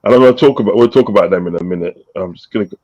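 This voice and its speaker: A man's voice: on the low side, very fast, muffled recording. A man hosting a casual live-stream chat, reading out viewers' messages with frequent laughter. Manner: laughs often, reads out chat shout-outs. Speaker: host.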